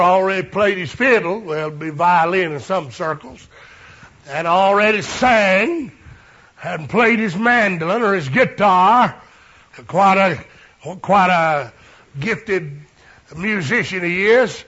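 A man preaching a sermon with passion, often rising to shouts. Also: high-pitched. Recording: dull lo-fi recording.

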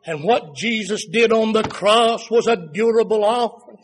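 Preacher guy, real high voice, gets fired up then goes quiet. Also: moderate pace, husky. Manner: fervent, rising to shouts then dropping low. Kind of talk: sermon.

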